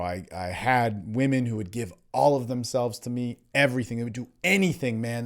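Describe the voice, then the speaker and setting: Guy on a podcast just unloading, swears a lot, gets loud then drops to a mutter, keeps saying "man". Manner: blunt and profane, swinging between emphatic bursts and low muttering; confessional, often calls the listener "man". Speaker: podcast host and dating coach. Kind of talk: candid solo podcast monologue.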